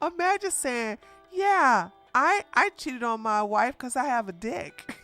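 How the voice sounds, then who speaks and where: A woman giving casual reaction commentary as a streamer, animated and laughing often as she reads posts aloud. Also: a little high, takes it slowly, music in the background.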